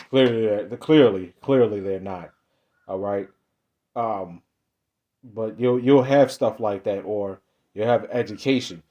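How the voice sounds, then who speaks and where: Male preacher, mid-range voice, casual and emphatic, talking to viewers with plenty of slang and restarts. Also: medium pitch. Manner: emphatic, repetitive, ends phrases with "man"; loose, conversational slang and restarts. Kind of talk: casual Bible teaching.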